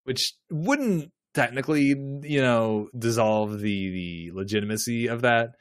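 Man, podcast co-host, casual chat, halting delivery, dry sound. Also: mid-range voice, expressive, no room sound. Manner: halting, many restarts and fillers.

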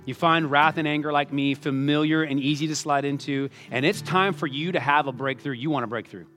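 Pastor guy talking to the congregation, bit high voice, casual, guitar playing softly behind. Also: brisk. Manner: conversational, addresses listeners as folks, animated quoting. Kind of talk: sermon.

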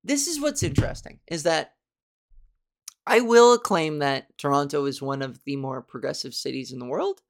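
Gravelly, low-voiced woman telling stories. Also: moderate pace. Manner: animated and chatty, with wry self-mocking asides. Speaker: comedian and podcast host. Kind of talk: casual comic storytelling.

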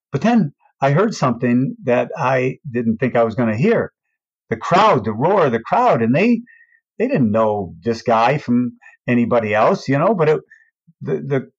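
Older man telling an animated story. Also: dry recording. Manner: acts out quoted voices with big pitch swings. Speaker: race announcer. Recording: dull, dry recording.

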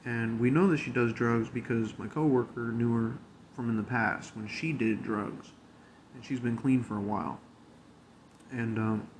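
A man with a mid-range voice tells a workplace story, blunt and full of swearing. He drawls along casually, with faint noise underneath. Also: medium pitch. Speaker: convenience store worker.

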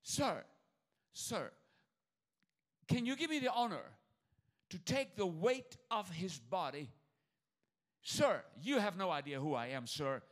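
A man's voice: sits high, animated, takes it slowly, pauses often. A man preaching in the voice of a grieving woman who keeps pleading to be allowed to carry the body. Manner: pleading, repetitive, breathless insistence.

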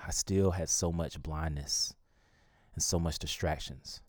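Reading scripture on his devotional podcast, a man with a very deep, steady voice reflects earnestly and emotionally, rising in pitch when something moves him. He stumbles into a few restarts. The sound is studio quality with no echo.

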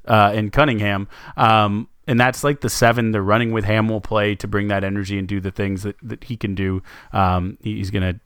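A man with a fairly low voice talks basketball in easy, rambling podcast chat, looping back with fillers and restarts. The sound is dry and close, with no room around it. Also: fairly bright tone, smooth, no room sound. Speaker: sports podcast co-host. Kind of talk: casual sports chat.

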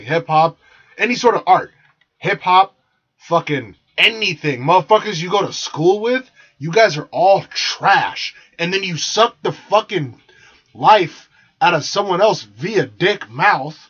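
Husky-voiced young man ranting crudely. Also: high voice, a bit bright. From San Jose, California. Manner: blunt, crude and exasperated, swears constantly. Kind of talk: profane ranting monologue. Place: small room with the door partly closed. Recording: dull lo-fi sound.

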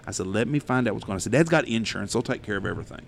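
A man rattles off a story at a quick clip. His low voice has a gravelly edge, and he tells it in a profane, animated way. He is a podcast host chatting casually. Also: slight background noise.

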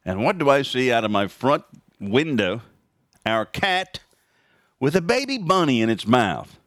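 A man hosting his own podcast, talking casually and sarcastically in an animated opinion monologue from home. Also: a little slow, dry recording, studio quality. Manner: animated, sarcastic, jumps high in pitch for emphasis. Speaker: podcast host.

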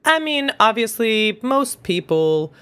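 A woman's voice: fairly high pitch, sing-song, takes it slowly, a bit bright, smooth. Blunt, teasing podcast woman. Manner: blunt, swears casually, teasing. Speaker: podcast co-host. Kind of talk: casual chat.

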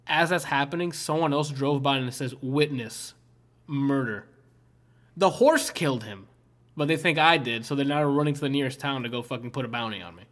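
A man's voice: medium pitch, quick pace, fairly bright tone. Rambling, swearing young streamer man. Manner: rambling, swears a lot, many fillers. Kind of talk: casual chat.

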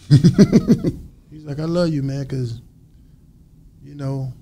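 A man as an interview guest, telling a story in a lively way and acting out other people's lines. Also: on the high side, extremely slow, slight background noise. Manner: animated storyteller acting out quotes.

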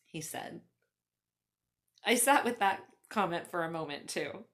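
Host and author, woman, reads her own story with a lively pitch, chatty asides. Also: moderate pace. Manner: animated, laughing asides to listeners.

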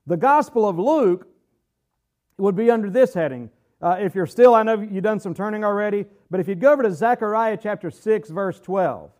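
High-voiced man teaching a Bible study. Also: lively intonation, a little mellow. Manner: earnest, slows down hard to stress key phrases; reads scripture aloud with measured weight. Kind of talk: sermon-style Bible teaching.

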